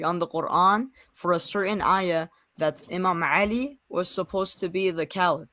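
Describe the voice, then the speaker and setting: Fast, defensive young man, dry sound. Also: high voice, bright, forceful tone, dry recording. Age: young adult. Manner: fast-talking, defensive, talks over the other. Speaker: debate guest. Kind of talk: live online debate.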